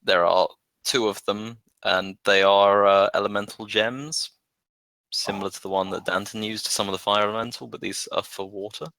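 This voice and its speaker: A man narrating as game master of a tabletop game, relaxed and hesitant, with many fillers. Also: fairly low pitch, moderate pace, dry recording, poor audio.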